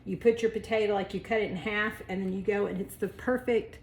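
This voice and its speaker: A woman's voice: medium pitch, fairly even intonation, brisk, slight background noise. A woman chatting casually while preparing food in her home kitchen, lighthearted and laughing easily, saying "y'all.". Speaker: vlogger and wellness coach.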